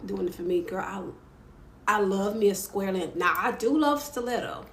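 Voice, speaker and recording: A woman hosting a casual livestream chat in a playful, chatty way, laughing often and squealing high when excited. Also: a little fast. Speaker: livestream host. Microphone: phone mic. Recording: roomy with faint ambient noise.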